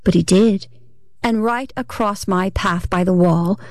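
A woman narrates a literary story in the first person, measured and expressive. Her voice sits at a middle pitch, neither high nor low. The sound is close and dry, with no room echo. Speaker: reader.

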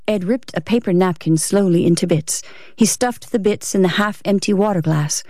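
A woman reads a story aloud at a steady pace. Her voice is mellow and of middle pitch. It is recorded close in a dry, quiet space. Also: moderate pace, dry recording. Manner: steady reading, varies voice for characters. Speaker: audiobook narrator. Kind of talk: scripted narration.

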